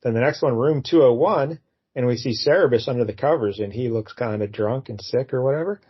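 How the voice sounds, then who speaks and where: A man's voice: mid-range voice, fairly quick, husky. Rambling man reviewing comics, lo-fi sound. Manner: relaxed, rambling, acts out comic dialogue. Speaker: podcast co-host. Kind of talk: casual comic book review chat. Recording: dull lo-fi podcast audio.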